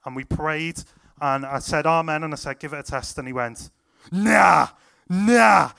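A young man preaching to a youth group, retelling stories with excited, animated quotes. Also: a little high, a little fast, smooth. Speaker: youth pastor. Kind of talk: sermon storytelling to a youth group.

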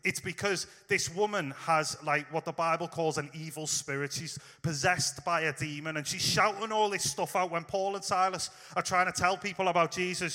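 In a large hall, a man delivers a conversational sermon, telling stories informally and addressing his listeners directly. His voice sits high, bright, and forceful.

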